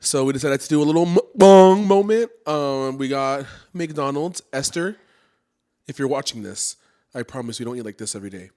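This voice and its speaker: A young man at a mid pitch hosts a casual podcast. He talks loosely, circles back on himself, and keeps the mood light. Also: lively intonation, moderate pace, dark tone. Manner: easygoing, rambling, self-correcting. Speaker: podcast co-host. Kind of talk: casual chat.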